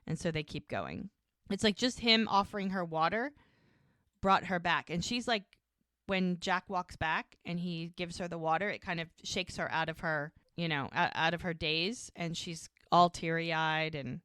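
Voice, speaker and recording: A woman's voice: lowish voice, normal speed, fairly bright tone, dry recording, studio quality. A woman co-hosting a podcast, chatting casually as she retells a TV episode scene by scene. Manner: chatty retelling, acts out quoted lines. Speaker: podcast co-host.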